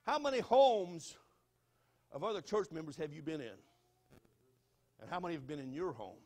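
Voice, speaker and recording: A high-voiced man with a Southern US accent preaches to his congregation. His delivery swings from hushed, earnest appeals to loud, passionate exhortation. He sounds middle-aged and speaks as a pastor. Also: animated, moderate pace. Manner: fervent, swings from quiet pleading to shouting. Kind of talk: sermon. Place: church sanctuary.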